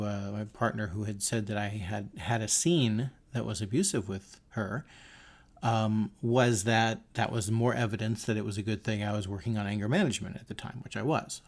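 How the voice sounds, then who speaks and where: A man hosting his podcast, talking in a thoughtful, earnest way and telling stories as he reflects. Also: lowish voice. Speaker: podcast host. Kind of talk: reflective casual monologue.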